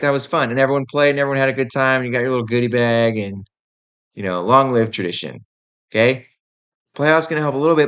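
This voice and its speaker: Young male host, average pitch, worked-up casual rant, heavy on fillers. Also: clear, resonant tone. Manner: animated, exasperated, casual with many fillers. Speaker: podcast host. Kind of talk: opinionated sports rant.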